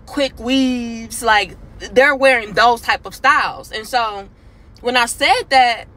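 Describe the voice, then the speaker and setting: A woman, hosting and telling a story to camera in an animated, casual way. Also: fairly high pitch, takes it slowly. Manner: animated, acts out other people's voices in quotes. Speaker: commentary host.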